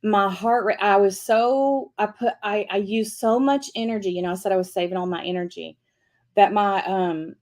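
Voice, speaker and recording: A woman's voice: medium pitch, moderate pace, darkish tone. A middle-aged woman hosting a devotional livestream, telling a story to her viewers in a chatty, rambling way with frequent laughs. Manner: chatty and rambling, many restarts and fillers; upbeat, laughs often. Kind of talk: casual storytelling chat to viewers.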